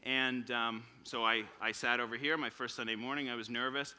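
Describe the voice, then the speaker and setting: A young man in his twenties preaches a church sermon, telling stories and energetically acting out quotes. His voice is medium-pitched and smooth, at a moderate pace.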